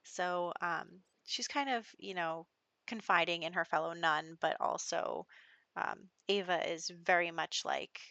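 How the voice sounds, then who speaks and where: A woman's voice: on the low side, steady tone, measured pace, gravelly, sharp tone, no echo, dull audio. A woman casually narrating her life-sim game story in a chatty, giggly way, full of "you know" and "like". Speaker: Sims let's play host.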